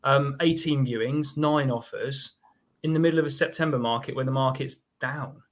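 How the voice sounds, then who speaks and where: A man's voice: mid-range voice, normal speed. A man, an estate agent, talking loosely and conversationally on a video call. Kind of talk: casual chat.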